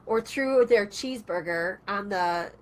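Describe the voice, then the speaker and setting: A woman's voice: medium pitch, unhurried. A woman hosting an online talk radio show, chatting casually and acting out little stories with quoted voices. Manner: chatty, animated storytelling with acted-out quotes.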